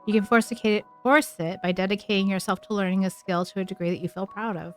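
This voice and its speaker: A woman's voice: mid-range voice, steady tone, fast talker, faint music behind. A woman live streamer chatting casually with her viewers, frank and chatty, swearing freely and using lots of filler words.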